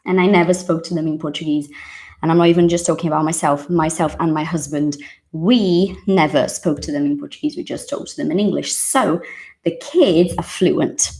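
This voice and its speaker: A woman's voice: deep voice, moderate pace, a little mellow. A woman in her thirties from Brazil, teaching English in a chatty, emphatic monologue and acting out the voices she quotes.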